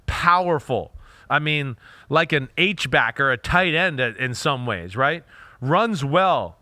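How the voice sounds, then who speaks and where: A man hosting a casual football talk show, breaking down players in an animated, emphatic way and often tagging "right?" onto his points. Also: mid-range voice, takes it slowly, no echo, studio quality. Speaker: podcast host, former quarterback. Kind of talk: casual football analysis chat.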